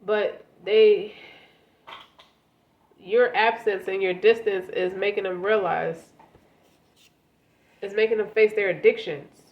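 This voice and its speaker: This tarot reader speaks slowly at a medium pitch with fairly even intonation and long pauses, her voice congested from a cold. She talks straight to the listener in a relaxed, conversational manner, repeating words as she goes, and the recording's highs are cut off.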